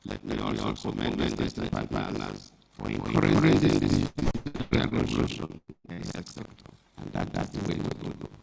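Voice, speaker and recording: A man's voice: rumbling low, big pitch swings, normal speed, vocal fry, a little mellow. A man giving a formal thank-you speech at an event, stumbling and repeating words. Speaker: speaker giving thanks at a launch. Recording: noisy event recording.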